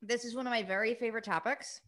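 A woman recovery coach hosting a live coaching session, talking quickly and eagerly, greeting viewers by name. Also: a little high. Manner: fast, excited, energetic delivery.

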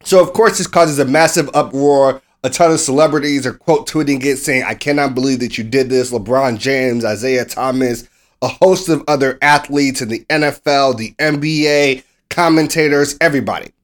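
A mid-pitched American man co-hosting a sports podcast. He chats casually and tells stories with energy, slipping into the voices of the people he quotes and swearing now and then. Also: normal speed. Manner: animated storyteller, acts out quoted people. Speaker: podcast co-host.

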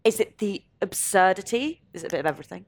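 A woman's voice: medium pitch, animated, fast talker. A woman hosting a podcast, asking thoughtful, reflective questions in easy conversation. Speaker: podcast host. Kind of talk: conversational interview.

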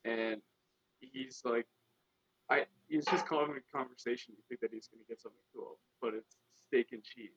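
A man chats as a podcast guest, mildly annoyed and wry as he tells his story. His voice sits at a middle pitch. The recording sounds a little dull and lo-fi. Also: steady tone, normal speed, fairly bright tone, breathy edge. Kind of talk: casual podcast chat. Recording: slightly dull, lo-fi mic.

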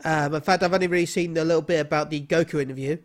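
Guy on a gaming podcast, kinda high voice, lots of ums and restarts. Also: steady tone, very fast. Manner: hesitant, many ums and restarts. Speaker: podcast co-host. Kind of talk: casual chat.

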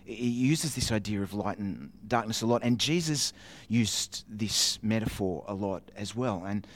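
A man preaching in a chatty, self-mocking way, telling a childhood story with animated voices and sound effects. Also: lowish voice, measured pace. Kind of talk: storytelling sermon.

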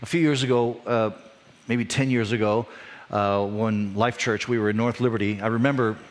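A middle-aged male pastor preaching in a conversational way, his voice rising for emphasis and dropping low when he reflects. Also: steady tone, moderate pace. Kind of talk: sermon.

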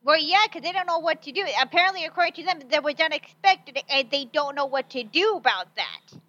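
A woman co-hosting a podcast in casual chat, quick and emphatic with a sarcastic edge. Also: sits high, lively intonation, a bit bright, dry recording, muffled recording. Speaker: podcast co-host.

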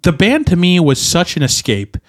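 A man's voice: sits high, huge pitch swings, moderate pace, no room sound, studio quality. A young man talking candidly on a podcast, rambling with lots of fillers and restarts. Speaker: podcast co-host, musician. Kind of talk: candid casual chat.

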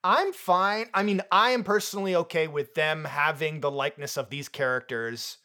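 A man co-hosting a film review podcast in casual chat, talking in an animated, jokey way and laughing often. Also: fairly high pitch, moderate pace. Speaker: podcast co-host.

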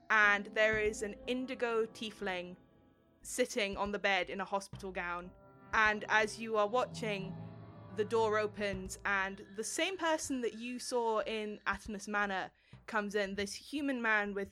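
A woman narrating a tabletop game as game master, describing scenes in an unhurried way. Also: medium pitch, sharp tone, soft background music.

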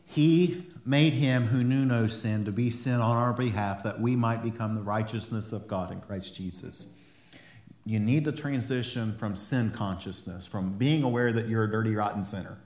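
A man preaching a sermon to his congregation, animated, laughing often and repeating words as he goes. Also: lowish voice, normal speed. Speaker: pastor. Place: church hall. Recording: echoey church room.

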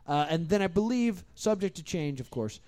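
High, lively-voiced man hosting a podcast. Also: moderate pace. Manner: jokey, rambling, stumbles over names while reading plugs. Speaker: podcast host. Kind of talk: casual live podcast banter. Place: live comedy playhouse.

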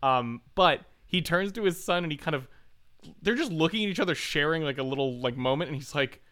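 A man co-hosting a podcast, chatting casually about a movie, animated and laughing often. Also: a little high, a little fast. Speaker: podcast co-host. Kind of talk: casual movie review chat.

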